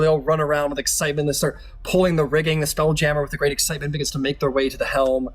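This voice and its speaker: A man's voice: on the high side, flat delivery, quick pace, soft background music. A man running a tabletop game as game master, narrating in a loose, chatty way with laughs.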